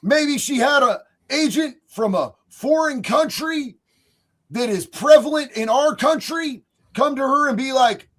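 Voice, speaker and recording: A man hosting a live stream, reading chat messages aloud in a loud, excitable way, often shouting. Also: very high-pitched, a little slow.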